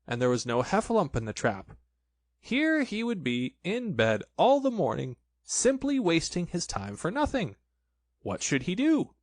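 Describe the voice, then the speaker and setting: A man reads a children's storybook aloud, expressive and playful. His voice rises and falls a lot. The sound is dry and close. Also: a little high, no room sound. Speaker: narrator.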